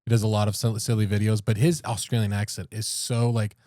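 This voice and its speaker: A man's voice: on the low side, level tone, fairly quick, mellow, dry recording, clean studio sound. A man hosting a podcast in casual chat, laughing a lot and filling his talk with "like". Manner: chatty, laughs often, heavy fillers. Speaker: podcast co-host.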